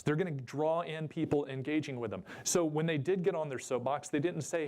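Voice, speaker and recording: A man's voice: a little high, a little fast, hardly any pauses, darkish tone. Chatty man presenting to a room. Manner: chatty, jokey, asks the audience questions. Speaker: presenter at a convention seminar. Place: convention seminar room.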